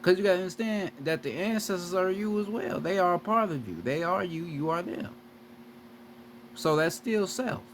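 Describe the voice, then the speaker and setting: A man's voice: high voice, expressive, normal speed, a little hiss or hum. A man giving a profane, repetitive spiritual lecture straight to his viewers as a video creator. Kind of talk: preachy lecture to camera.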